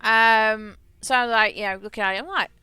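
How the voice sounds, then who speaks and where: Woman streamer, chatty rambler, clear smooth voice, faint game music underneath. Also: on the high side, fairly quick, sharp tone, dry recording. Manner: rambling storyteller, frequent restarts and repeated words. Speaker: livestreamer. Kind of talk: casual chat while playing a game.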